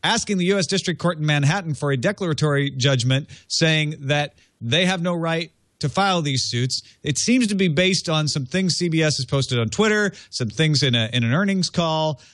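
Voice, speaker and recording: A man's voice: a little high, animated, moderate pace, few pauses, a bit bright, no echo. A man hosting a casual tech news podcast, reading out items and then talking them over loosely. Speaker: podcast host.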